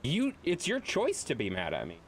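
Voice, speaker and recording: A man's voice: on the high side, huge pitch swings, normal speed, a little hiss or hum. A young man streaming a game, ranting bluntly and profanely to his chat. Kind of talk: casual live-stream chat while gaming.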